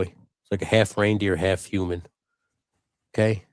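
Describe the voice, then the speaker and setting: A man's voice: low voice, little pitch movement, unhurried, pauses often, a little mellow, clean tone, no room sound. A man co-hosting a live stream, chatting casually and loosely, swearing often and wandering between topics. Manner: loose and rambling, swears a lot. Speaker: co-host of a live customizing stream. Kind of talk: casual chat.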